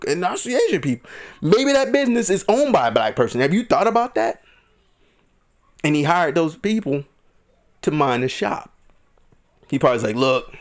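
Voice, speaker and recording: Male vlogger, indignant rant, high and very animated delivery. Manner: heated, indignant, acts out quotes in mock voices. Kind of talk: ranting commentary.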